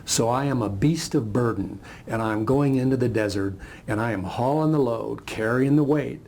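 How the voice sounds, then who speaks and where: A man voicing a weary, gravelly camel. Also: medium pitch, moderate pace, darkish tone, slight background noise, lightly acted. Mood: earnest. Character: weary male camel, beast of burden.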